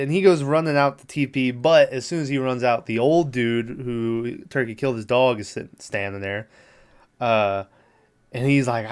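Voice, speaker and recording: Casual podcast host, male, smooth clear voice, rambles and swears, laughs a lot. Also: mid-range voice, steady tone, a little slow. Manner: laughing, profane, rambling with many fillers. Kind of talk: casual movie recap.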